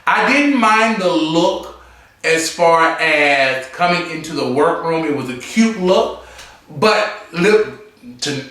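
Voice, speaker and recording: A man's voice: high voice, heavy reverb, recorded from a distance. A man reviewing a drag competition episode in a campy, sassy, chatty way, seated on a stool in a room. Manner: campy, sassy, animated, full of asides and mimicry. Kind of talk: casual review chat.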